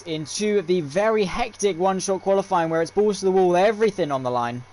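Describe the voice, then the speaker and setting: A man's voice: sits high, fairly quick, a little mellow, a little hiss or hum. A man doing upbeat live stream commentary on a sim race, chatty and full of fillers as he calls the action. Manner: chatty, lots of fillers and restarts; upbeat play-by-play.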